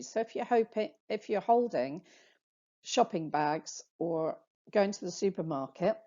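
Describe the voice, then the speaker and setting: A woman therapist giving a slow, patient anatomy lecture on slides, spelling out muscle names for practice. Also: lowish voice, darkish tone. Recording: dull lo-fi sound.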